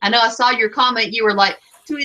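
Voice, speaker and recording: A woman's voice: on the high side, steady tone, quick pace, pushed and bright, lo-fi sound. A woman in a casual group chat, laughing at herself as she explains what she did. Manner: giggly, self-deprecating.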